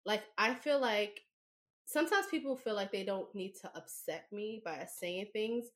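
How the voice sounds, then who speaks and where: A young woman co-hosting a podcast, telling a story in a blunt, profane, animated way. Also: mid-range voice, normal speed. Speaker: podcast co-host. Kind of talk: casual podcast chat.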